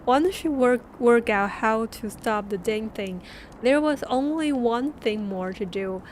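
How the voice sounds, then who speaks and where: A woman, a Mandarin speaker, reading a book aloud on a stream with halting restarts and chatty asides. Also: fairly high pitch, slight background noise. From Taiwan. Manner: laughing asides between passages.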